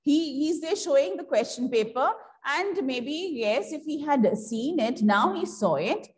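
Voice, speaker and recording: A woman's voice: high voice, expressive, unhurried. A woman English teacher with an Indian accent reads a story aloud and explains it to her class, asking questions and then answering them herself. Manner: reads dialogue with acted outbursts.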